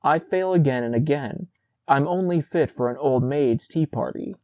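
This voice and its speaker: A man reading the part of Patience, a gentle, self-doubting female spirit, in a soft manner. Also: fairly high pitch, normal speed, dry recording, voice pushed up, natural voice. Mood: rueful. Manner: soft, sighing.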